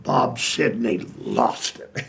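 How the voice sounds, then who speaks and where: An older man, a retired piano player, telling old stories slowly with many pauses and fillers. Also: a bit bright. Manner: slow, halting storytelling with many fillers. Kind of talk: casual anecdote.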